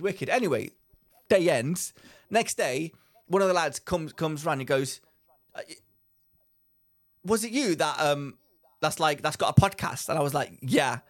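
Rambling man telling a story. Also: on the high side. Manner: rambling storyteller, acts out quotes, laughs often. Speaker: podcast co-host. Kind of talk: casual chat.

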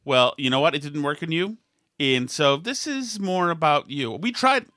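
A man's voice: a little high, lively intonation, moderate pace, pushed and bright, no echo, studio quality. A man in his fifties from Massachusetts, hosting a podcast with casual political chat and meandering storytelling full of restarts. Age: 50s. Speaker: podcast host.

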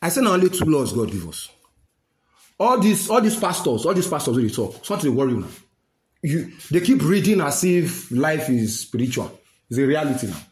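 A man's voice: medium pitch, a little mellow, roomy sound. A man with a Nigerian accent giving a fiery, scolding rant to camera, slipping into Pidgin. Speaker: social commentator.

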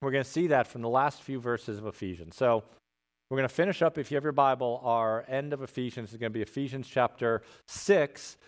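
A male pastor, preaching a sermon from a church stage in a relaxed, conversational way with bits of slang. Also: medium pitch, a little fast.

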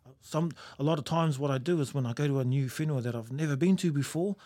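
A man's voice: mid-range voice, quick pace, mellow. A New Zealand man telling stories in a casual chat, reflective, laughing often and using Maori words.

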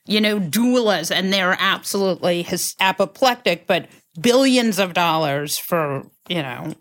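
A woman's voice: lowish voice, animated, measured pace, a bit bright, no echo. A woman co-hosting a podcast in casual chat, blunt and sarcastic, swearing freely. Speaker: podcast co-host.

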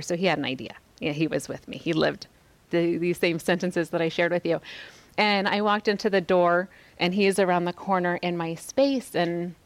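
A woman in her forties, a podcast host, reflectively sharing a personal faith testimony with a women's group, often pausing and dropping to a hushed near-whisper. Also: lowish voice, no echo. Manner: reflective, soft-spoken, pauses often.

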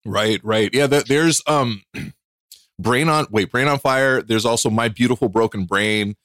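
A man co-hosting a podcast chats casually, laughing and running himself down. His voice is mid-range, fairly bright, and a little slow, captured in a dry, clean studio recording.

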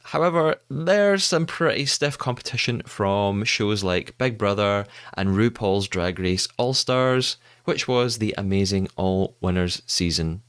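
A man hosting a podcast, presenting a scripted segment in an upbeat, animated way. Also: fairly low pitch, measured pace, hardly any pauses, clear, resonant tone, no echo. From United Kingdom. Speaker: podcast host.

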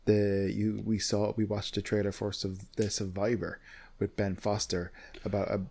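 A man's voice: lowish voice, flat delivery, moderate pace, vocal fry, darkish tone. A man co-hosting a podcast in casual chat, agreeable, with short replies. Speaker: podcast co-host.

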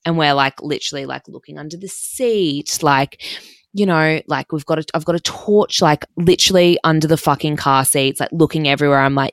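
Low-voiced, swearing young woman. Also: a little fast, no room sound, clean studio sound. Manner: swears a lot, heavy "like" filler, animated quoting. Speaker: storyteller. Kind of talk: casual storytime.

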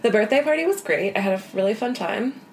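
A woman's voice: fairly high pitch, expressive, fast talker, gravelly. Playful giggly woman chatting on a podcast, faint hiss behind her. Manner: giggly, playful, slips into half accents. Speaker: podcast co-host. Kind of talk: casual chat.

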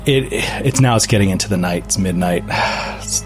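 A man's voice: mid-range voice, sing-song, moderate pace, music in the background. A man running a tabletop horror game as game master, joking and laughing often with his players.

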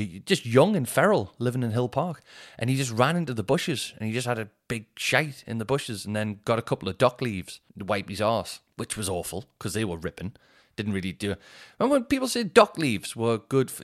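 A comedian and podcast host in his thirties from Northeast England tells stories casually in his region's accent, rambling and often starting over. His voice is on the low side with a fairly bright tone.

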